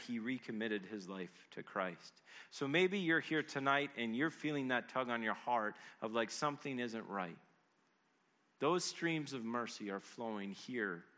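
Male pastor, sermon, earnest conversational delivery, bright forceful voice, slightly high. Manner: earnest, conversational, often asks "right?". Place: church service.

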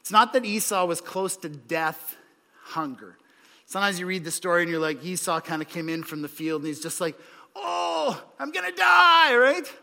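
A man's voice: fairly high pitch, fairly quick, bright, forceful tone. A man preaching an evening sermon in a church hall, talking in a casual, conversational way with frequent restarts and "right?" asides. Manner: conversational, with repeated restarts and tag questions. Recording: long hall reverb.

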